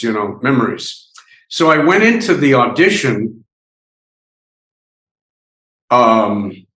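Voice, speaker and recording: Slow-talking older man in an echoey room. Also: mid-range voice, a bit bright. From United States. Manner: rambling, halting storytelling with many restarts. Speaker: actor interviewee. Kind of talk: reminiscing interview.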